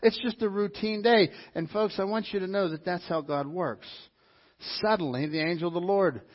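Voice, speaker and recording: Conversational man preaching, slightly high voice. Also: normal speed, highs cut off. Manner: conversational and emphatic, with frequent restarts. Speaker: pastor. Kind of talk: sermon.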